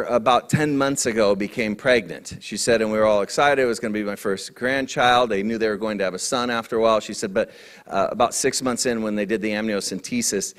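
A male minister preaching a sermon, telling a personal story and moving between raised, emphatic passages and low, hushed ones.

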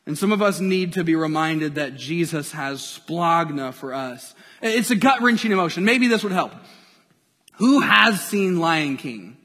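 A male pastor preaching a sermon to a church congregation, lively and playful as he draws listeners in. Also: fairly high pitch, unhurried. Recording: long hall reverb from a church.

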